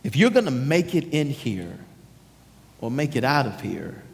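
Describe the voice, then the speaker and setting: A hushed, steady mentor in a prison cell, put on by a preacher. He speaks low and firm, with long hall reverb behind him. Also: measured pace, creaky. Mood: stern calm. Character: calm man in a prison cell, stern mentor.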